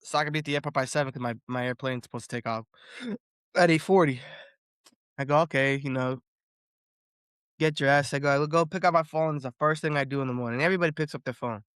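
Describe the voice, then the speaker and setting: A man hosting a casual sports podcast, telling stories in an animated way, swearing freely and repeating words. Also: medium pitch, quick pace, pauses often, clean tone, no echo, studio quality. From Boston area. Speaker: podcast host.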